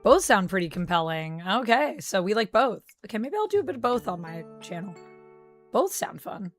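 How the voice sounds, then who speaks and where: A woman's voice: mid-range voice, big pitch swings, moderate pace, faint music behind. A woman chats playfully with her viewers while she plays a game. She reads their comments aloud and responds in a loose, casual way. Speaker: YouTuber, gaming host. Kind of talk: casual gameplay chat with viewers.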